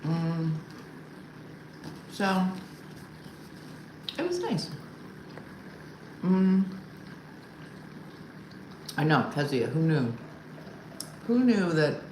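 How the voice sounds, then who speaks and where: A woman hosting a casual live comedy stream. She chats with viewers and tells wry, exasperated stories about her partner. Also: low-pitched. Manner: chatty storyteller who answers viewer comments; wry and exasperated, imitates her husband loudly. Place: home room for a live stream. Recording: echoey room with faint ambient hum.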